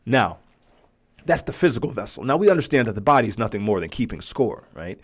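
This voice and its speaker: A man's voice: lowish voice, very animated, brisk, husky. A man in his forties, hosting a podcast and telling a personal story in a conversational way, often checking in with the listener. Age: 40s. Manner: conversational, often asks "right?". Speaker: podcast host.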